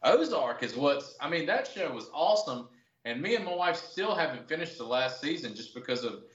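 A man's voice: on the high side, big pitch swings, normal speed. A man in his thirties, a podcast guest chatting casually and acting out his own past reactions as he tells stories. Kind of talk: casual chat. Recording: roomy, dull-sounding audio.

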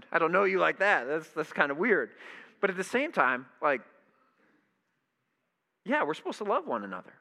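Bright-voiced man preaching with emphasis. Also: fairly high pitch. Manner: animated, emphatic preaching with repeated phrases. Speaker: pastor. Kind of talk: sermon.

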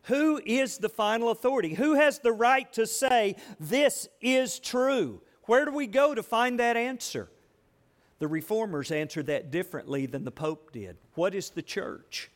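Guy preaching in church, pretty high voice, middle-aged, keeps asking the crowd questions. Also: expressive, normal speed. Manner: asks the audience rhetorical questions. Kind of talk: sermon. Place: church building.

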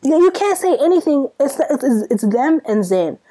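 A woman's voice: high voice, sing-song, moderate pace, mellow. A young woman from Sudan co-hosting a podcast, ranting in a casual, exasperated way full of rhetorical questions. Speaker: podcast co-host. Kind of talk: casual chat.

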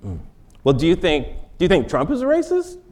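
A man's voice: fairly high pitch, huge pitch swings, fairly quick, a little mellow. A male comedian giving a wry comic lecture in a large forum, interviewing himself and laughing at his own jokes.

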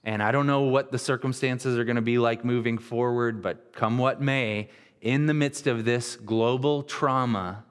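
A man's voice: medium pitch, in a large hall. A man in his thirties giving a sermon as a pastor, retelling scripture in plain, conversational words with frequent restarts.

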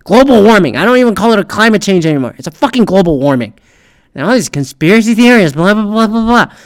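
Solo podcast host, middle-aged man, slightly high voice, profane animated ranting. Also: fast.

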